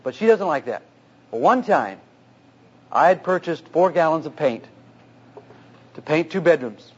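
A man's voice: a little high, a little slow, husky. A man who is a pastor, preaching earnestly through a personal story about marriage, in a dull lo-fi recording. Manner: earnest, anecdotal, animated retelling.

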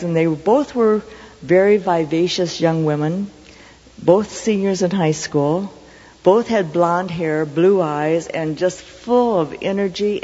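Mellow-voiced woman preaching in a hall. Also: lowish voice, slightly rough. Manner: earnest, measured storytelling. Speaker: Christian speaker. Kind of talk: storytelling sermon testimony. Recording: dull lo-fi recording with long hall reverb.

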